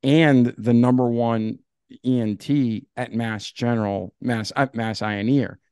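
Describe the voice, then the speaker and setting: Guest storyteller: man, mid-pitched voice, animated and casual, acts out dialogue, dry close mic. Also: measured pace, clear, resonant tone, no echo. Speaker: podcast guest.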